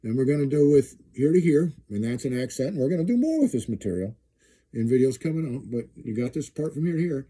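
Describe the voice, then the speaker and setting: A middle-aged man talks through a jig-tying demonstration in a relaxed, folksy way, often repeating his phrases as he works. His voice is very dark and mellow, with a husky edge. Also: mid-range voice, fast. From eastern Kansas. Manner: folksy, chatty, repeats phrases while working. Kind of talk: casual how-to demonstration.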